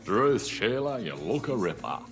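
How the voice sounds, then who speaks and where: Sitcom husband hamming up a loudmouth Aussie act; lower voice that swings widely. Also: male voice, sing-song, normal speed, over music. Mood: boastful. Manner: loud, boastful, full of slang. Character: husband putting on a bad loudmouth Australian act. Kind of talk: sitcom acting.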